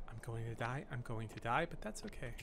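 A man's voice: mid-range voice, expressive, a little fast, gravelly, heavy background noise. A man narrating a horror game playthrough, joking and self-mocking as he talks to the characters on screen. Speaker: game host playing a horror game. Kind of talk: let's play commentary.

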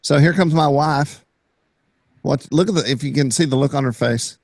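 A man's voice: on the high side, moderate pace, a little mellow, no echo, clean studio sound. A man co-hosting a casual hobby show, chatting eagerly over his video clips. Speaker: co-host. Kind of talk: casual chat.

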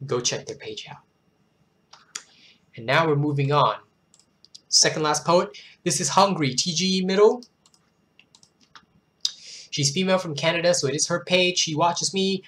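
Hoarse poetry reader with chatty asides. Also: mid-range voice, unhurried, long pauses. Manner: expressive, theatrical recitation, then chatty and self-deprecating. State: hoarse, worn-out throat. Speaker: channel host reading viewers' poems. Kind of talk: dramatic poetry reading with casual asides.

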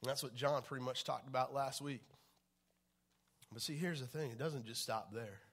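A man preaching a casual, conversational sermon as a pastor, chatty with many fillers and restarts and swings in loudness. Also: mid-range voice, moderate pace, slightly rough.

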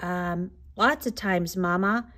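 A woman reading a storybook aloud, voicing a huge male giant who brags loudly and whimpers before his mother. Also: lowish voice, takes it slowly. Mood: whimpering. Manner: loud boasting, then whimpering.

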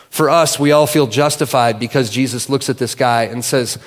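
A man preaching in a church, his voice carrying a long hall reverb. He talks casually and conversationally, retelling a story with easy fillers, at an average pitch for a man. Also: steady tone, brisk, hardly any pauses. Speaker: guest pastor. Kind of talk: sermon. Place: church sanctuary.

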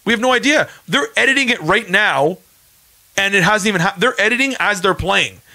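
A man's voice: sits high, expressive, fairly quick, bright, forceful tone. A Canadian man in his thirties hosting a casual livestream podcast, talking emphatically, repeating his points and reading viewer comments. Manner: emphatic, repeats himself, insistent. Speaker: podcast host and former reality show contestant.

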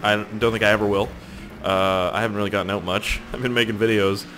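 A man's voice: on the low side, steady tone, fast talker, sharp tone, a little hiss or hum. A young man giving casual, rambling gameplay commentary, swearing and joking with viewers. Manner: rambling, profane, jokey, talks to viewers. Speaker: gaming YouTuber.

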